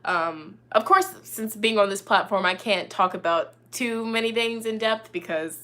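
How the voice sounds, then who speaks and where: A woman's voice: mid-range voice, moderate pace, pushed and bright. A young woman hosting a casual live chat as a tarot reader, talking in an upbeat, rambling way full of "you know" and "like". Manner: chatty, upbeat, lots of fillers like "you know" and "like".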